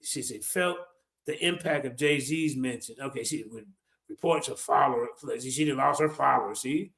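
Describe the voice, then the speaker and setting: A man's voice: mid-range voice, normal speed, creaky, fairly bright tone. A man giving loose, joking reaction commentary, cursing freely and talking straight to his viewers.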